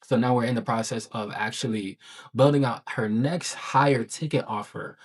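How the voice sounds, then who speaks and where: A man talking in a casual daily vlog about his coaching work, excited and rambling, full of slang and filler words. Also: mid-range voice, normal speed. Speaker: online business coach.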